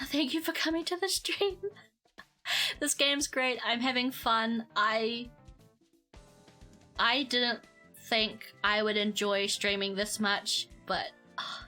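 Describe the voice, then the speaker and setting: A woman's voice: fairly high pitch, bright, forceful tone. A young woman streaming a game, giggly and effusive, often stumbling over her words. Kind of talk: casual live-stream chat.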